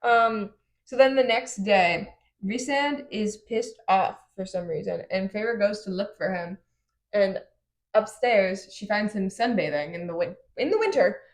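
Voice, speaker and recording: A woman's voice: medium pitch, animated, measured pace. A woman co-hosting a casual book podcast, summarizing chapters in a loose, swearing, storytelling way. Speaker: podcast co-host. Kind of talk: casual book-club chat.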